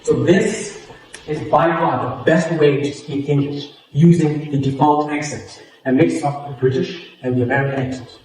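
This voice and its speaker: A man with a South African Xhosa accent teaches public speaking in a workshop, explaining patiently and repeating his points. His voice is mellow and carries from a distance across a very echoey room. Faint noise sits behind it. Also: fairly high pitch, steady tone, moderate pace.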